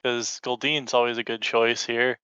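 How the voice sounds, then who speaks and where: Laid-back guest with a bright, smooth voice. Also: male voice, mid-range voice, level tone, moderate pace, dry recording, lo-fi sound. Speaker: podcast guest. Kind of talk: casual episode recap chat.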